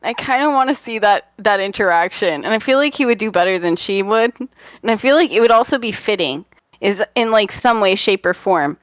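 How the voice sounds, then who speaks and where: A woman's voice: mid-range voice, expressive, a little fast, no echo, rough recording. A young woman co-hosting a casual livestream, giggling often and describing herself as chaotic. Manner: giggly, chaotic, self-mocking. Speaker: stream co-host.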